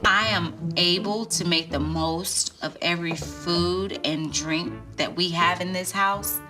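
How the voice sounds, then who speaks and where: Reality-TV woman, matter-of-fact, slightly low voice, clear music bed. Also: measured pace. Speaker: reality show participant. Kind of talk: reality TV interview. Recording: TV clip with music under it.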